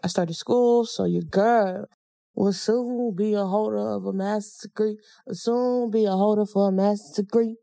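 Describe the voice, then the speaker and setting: A woman's voice: mid-range voice, moderate pace, vocal fry, dry recording. Blunt slangy woman podcast host. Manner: blunt, slangy, animated storytelling. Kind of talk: casual chat.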